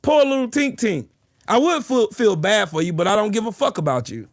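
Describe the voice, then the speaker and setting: A man's voice: high voice, expressive, a little fast, no room sound, studio quality. A man livestreaming, taunting and mocking someone, repeating his jabs and laughing hard. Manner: repeats phrases over and over. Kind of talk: live stream trash talk.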